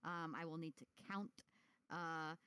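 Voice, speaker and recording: A woman running a tabletop game as game master, narrating haltingly with many fillers and giggles. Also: low voice, fairly even intonation, bright, forceful tone, smooth, no echo. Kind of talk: casual tabletop role-play narration.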